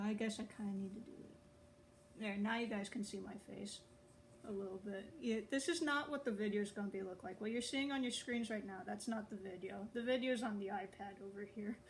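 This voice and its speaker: Recorded on a phone with poor audio and a little hiss or hum, a young woman who writes online and makes videos talks casually to her viewers. She's chatty, rambling, and self-laughing, with a medium-pitched voice.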